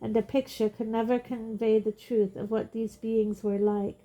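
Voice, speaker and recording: A woman reading a novel aloud in a steady narrating voice. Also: on the high side, moderate pace. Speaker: audiobook reader. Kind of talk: storybook narration.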